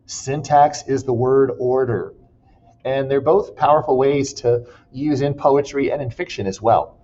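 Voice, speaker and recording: A man's voice: medium pitch, mellow, lo-fi sound. A man teaching a class, chatty and jokey, laughing at his own puns. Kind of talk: classroom lesson with jokes.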